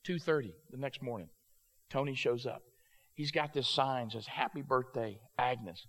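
A man preaching through a story, animated and acting out the characters, with frequent halting restarts. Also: mid-range voice. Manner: halting restarts, repeated words. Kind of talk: sermon storytelling.

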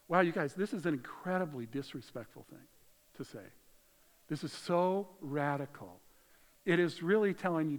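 A man preaching a sermon in a conversational way, swinging between loud emphasis and hushed moments, in a church. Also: a little high, moderate pace. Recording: long hall reverb.

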